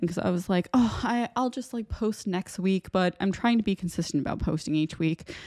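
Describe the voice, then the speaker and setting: A woman's voice: lowish voice, dark tone, dry recording, clean studio sound. A young woman hosting her own podcast, talking in a candid, rambling and self-deprecating way in a casual solo monologue. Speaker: podcast host.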